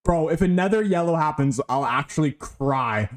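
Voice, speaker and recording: A man reacting live to a football match, excitable and pleading, swearing often, in a fan watch-along. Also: on the high side, normal speed. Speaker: fan streamer.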